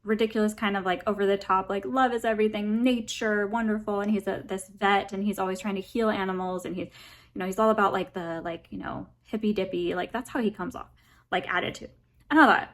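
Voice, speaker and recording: A woman talks through a book and a movie review in loose, rambling chat. Her pitch sits in the middle of the usual female range. She fills her sentences with "like" and "um", gives blunt verdicts and laughs between her points. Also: fairly even intonation, brisk. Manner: rambling, heavy on fillers like "like" and "um". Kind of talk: casual chat.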